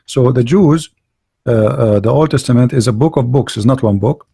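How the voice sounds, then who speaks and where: A man's voice: mid-range voice, moderate pace, creaky, dark tone, breathy edge, no room sound. A man hosting a casual online debate call, hesitant and repeating words, turning confrontational about his opponents.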